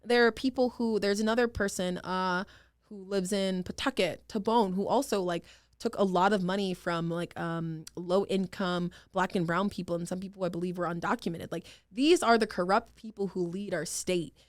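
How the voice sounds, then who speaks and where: A young woman from Rhode Island giving candid, animated interview answers as a state senator. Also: lowish voice, normal speed, dry recording, clean studio sound. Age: young adult. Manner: candid, animated, laughs often.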